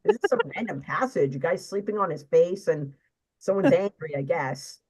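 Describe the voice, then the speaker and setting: A woman's voice: on the low side, expressive, normal speed, darkish tone, breathy edge, low-quality recording. A woman co-hosting a stream, chatting casually in a dry, wry, self-deprecating way. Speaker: stream co-host. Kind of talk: casual chat.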